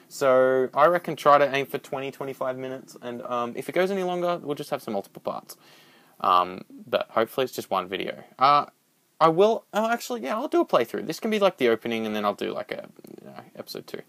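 Excitable young man gaming commentary. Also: medium pitch. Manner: rambling, excitable, swears when startled. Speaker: gaming channel host. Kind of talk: casual let's-play commentary.

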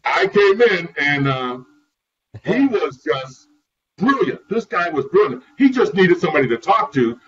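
A man chatting as an interview guest, telling lively stories about his caregiving work and often laughing. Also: on the high side, unhurried, breathy edge. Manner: lively, laughing, acts out voices in anecdotes. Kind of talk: animated storytelling in conversation. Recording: distant, muffled, with crowd noise.

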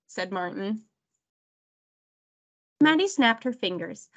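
A woman reading a children's picture book aloud with an expressive delivery. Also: medium pitch, a little slow, lo-fi sound. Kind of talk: storybook read-aloud.

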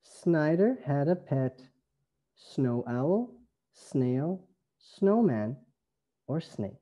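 A man from Canada with a Canadian accent, an English teacher reading a phonics lesson slowly in a sing-song way. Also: a little high, very animated, warm tone, highs cut off. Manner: slow, sing-song, stretched words.

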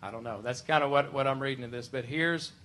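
A worship pastor preaching a conversational, emphatic sermon full of rhetorical questions. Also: male voice, medium pitch, fast. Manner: emphatic, shifts to loud pleading when voicing Martha.

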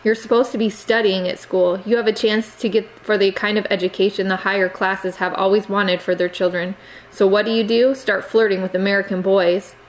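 A woman's voice: medium pitch, little pitch movement, fairly quick, natural voice, low-quality recording. A woman reading aloud, voicing a stern, reproachful middle-aged aunt who lectures her niece. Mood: scolding.

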